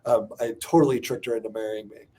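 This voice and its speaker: A man's voice: fairly low pitch, fast talker, slight background noise. A man in his forties, a company co-founder, telling a candid personal story on a podcast with lots of fillers. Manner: animated, frequent "like" fillers, restarts.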